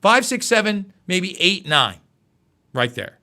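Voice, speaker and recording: A man's voice: high voice, sing-song, takes it slowly, pushed and bright. A man hosting live political commentary, emotional and repeating himself as he stumbles over words.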